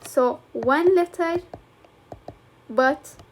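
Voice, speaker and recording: A young woman with a high voice and a Levantine Arabic accent gives an English lesson. She speaks slowly and deliberately, with frequent fillers as she explains. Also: slight background noise. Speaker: English teacher. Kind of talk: classroom lecture.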